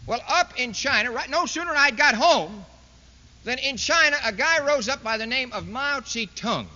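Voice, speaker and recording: A man's voice: very high voice, lively intonation, normal speed, bright, forceful tone. Sarcastic man giving a speech. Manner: sarcastic, rhetorical, addresses the crowd directly. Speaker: political speaker. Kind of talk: public speech to a university audience. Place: large lecture hall. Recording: dull, echoey 1960s hall recording.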